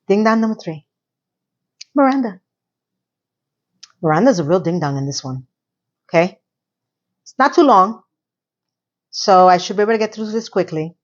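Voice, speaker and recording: A woman casually recapping and reviewing a TV episode, animated and sarcastic, swinging between loud and soft. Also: fairly low pitch, unhurried, long pauses, muffled recording. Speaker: TV review vlogger.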